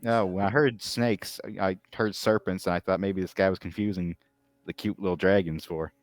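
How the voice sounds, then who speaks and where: A man's voice: low-pitched, steady tone, normal speed. A man playing a tabletop game, chatting casually and partly speaking in character. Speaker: player.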